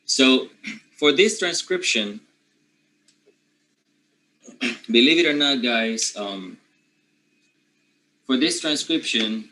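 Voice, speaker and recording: Slow, bright-toned Panamanian teacher. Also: male voice, mid-range voice, lively intonation, low-quality recording. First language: Spanish. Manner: checks in with "okay?", frequently clears throat. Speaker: English teacher. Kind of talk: pronunciation lesson.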